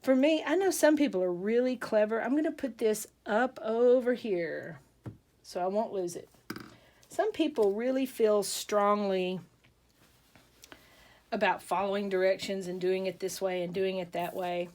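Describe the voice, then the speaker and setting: A woman's voice: medium pitch, measured pace, a little mellow. A woman hosting a casual crafting tutorial, chatty and rambling, with asides and jokes.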